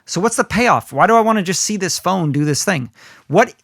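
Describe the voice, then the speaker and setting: A man co-hosting a podcast in loose, casual chat, with a bright, forward voice that sits a little high for a man. He talks animatedly, acts out little scenes and swears without thinking about it. The sound is close and dry. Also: lively intonation, a little fast, dry recording. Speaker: podcast co-host.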